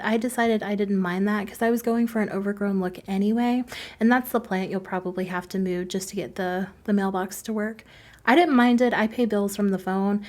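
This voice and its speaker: A game build video creator, a woman with a medium-pitched, slightly mellow voice, talks casually over footage of her building a game. She's chatty and self-deprecating, laughing often between thoughts.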